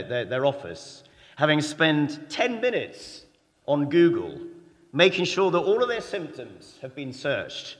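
Lively-voiced male preacher in a reverberant hall. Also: medium pitch. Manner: animated, conversational preaching with rhetorical questions. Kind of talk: sermon. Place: church. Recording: long reverb of a church hall.

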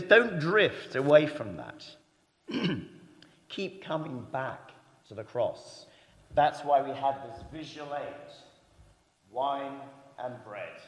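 A man's voice: mid-range voice, a little mellow. A man preaching a sermon in a church, talking conversationally and asking the congregation rhetorical questions. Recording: long reverb of a church hall.

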